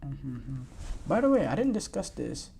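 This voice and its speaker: Man, podcast host, gravelly voice, dark mellow tone, rambling casual talk, faint hiss behind. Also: mid-range voice, very animated, a little slow. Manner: loose and rambling, many fillers and restarts, reads quotes aloud.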